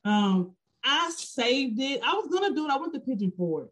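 A woman hosting a podcast, chatty and excitable, laughing often while talking with her guest. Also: high-pitched, normal speed. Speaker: podcast host. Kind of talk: casual interview chat.

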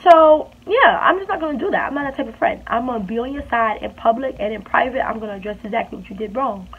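A woman vlogger retells a story in a lively, chatty voice that sits a little high. Her voice comes through thin and phone-like, with a faint hiss in the background. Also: quick pace. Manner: animated, chatty retelling with emphatic repeats. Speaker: beauty vlogger. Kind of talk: storytime vlog.

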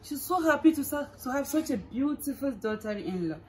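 A woman's voice: high-pitched, expressive, fairly quick, low-quality recording. An actress with a Nigerian accent playing a young woman who pleads and coaxes on her brother's behalf. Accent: Nigerian English. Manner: coaxing, pleading. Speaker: actress in a film scene. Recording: film scene with loud background music.

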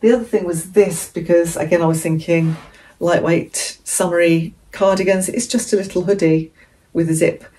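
A woman from England with a fairly low voice chats through a haul video. She rambles and often corrects herself mid-sentence. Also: fairly even intonation, normal speed, mellow. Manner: chatty, rambling, self-correcting. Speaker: vlogger. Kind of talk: casual haul vlog.

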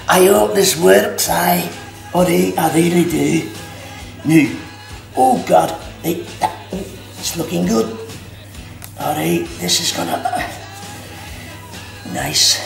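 With a high, gravelly voice, a Scottish man leads a casual cooking demonstration as host, chatting freely and often saying "all right" and "aye." He's in a kitchen at an activity centre, recorded from afar in an echoing room with background music.

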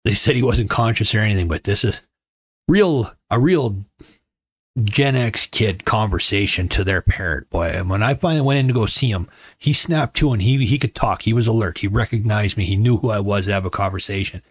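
A middle-aged man tells stories in a relaxed, joking way, his voice sitting low. The sound is close and dry, with no room echo, as if recorded at home. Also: fairly quick, husky. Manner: wry, joking, conversational. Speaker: podcast host. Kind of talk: casual storytelling monologue.

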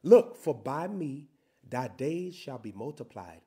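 A man preaching a sermon, reading scripture slowly and building to loud, shouted emphasis. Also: mid-range voice, sing-song.

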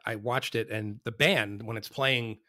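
A man's voice: lowish voice, steady tone, measured pace, pushed and bright, no room sound, clean studio sound. A man on a podcast chatting casually about a movie in an easygoing, agreeable way. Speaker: podcast co-host.

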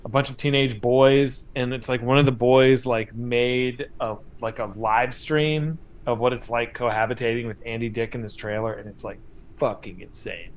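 A man's voice: mid-range voice, steady tone, moderate pace, a little hiss or hum. Male comedy stream host, casual, rambling, filler-heavy, medium voice. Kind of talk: casual livestream chat.

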